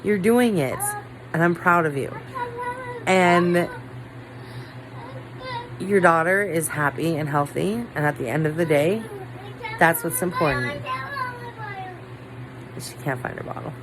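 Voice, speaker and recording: A woman's voice: low voice, takes it slowly, long pauses, noisy background. Rambling woman vlogging from home. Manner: rambling, heavy use of "like" fillers. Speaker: vlogger, mother. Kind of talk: casual chat to camera. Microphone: camera.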